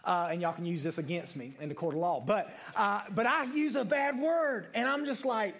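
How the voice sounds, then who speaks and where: A young man preaches to his congregation and speaks to people in it by name. His voice sits a little high, and he shifts between loud, excited bursts and quiet, confessional stretches. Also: normal speed. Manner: storytelling, animated, addresses congregation by name. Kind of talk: sermon.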